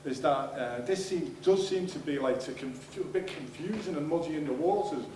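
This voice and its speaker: A man with a Liverpool accent asking a rambling, heated question from the floor at a university seminar, often restarting his sentences and getting loud. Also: a little high, normal speed, echoey room, distant mic, background noise. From England. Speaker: audience member asking a question.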